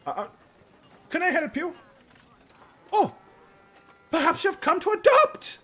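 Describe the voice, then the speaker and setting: A man voicing a frazzled, flustered headmistress in her fifties, speaking in a high, fluttery and apologetic voice. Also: sing-song, takes it slowly, fairly bright tone, soft background music, exaggerated voice. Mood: flustered polite. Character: frazzled, flustered middle-aged woman headmistress of an orphanage.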